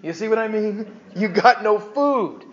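A man's voice: sits high, animated, measured pace, muffled recording. A man preaching a conversational sermon to his church, joking and restarting his sentences as he goes. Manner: chatty, joking, stumbling restarts. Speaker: pastor.

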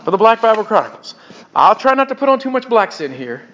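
A man's voice: high-pitched, very animated, quick pace, pushed and bright. A man preaching in a casual, conversational teaching style, chatty with hesitations. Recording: dull lo-fi recording.

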